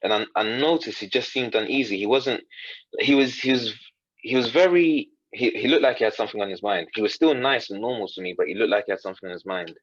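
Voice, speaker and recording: A man with a fairly low voice speaks quickly on a muffled recording with no echo. He's a coach appearing as a podcast guest, earnestly telling a story in conversation, quoting what others said and often restarting his sentences.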